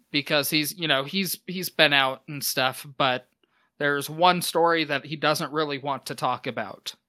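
A man's voice: mid-range voice, sharp tone. A man playing a tabletop game, speaking casually and hesitantly. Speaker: player.

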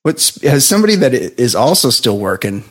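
Husky-voiced man in casual chat. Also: medium pitch, sing-song, fairly quick. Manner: rambling, laughs often. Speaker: podcast co-host.

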